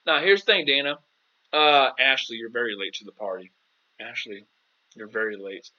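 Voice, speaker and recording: A man's voice: mid-range voice, expressive, moderate pace, bright, forceful tone, dull audio. A man hosting a casual live-stream Q&A as a dating coach, chatty and playful, calling viewers "girl".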